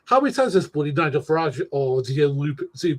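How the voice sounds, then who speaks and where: A man with a husky, slightly high voice hosts a casual political talk. He rambles and restarts his sentences, with mild slang mixed in. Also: very animated, brisk.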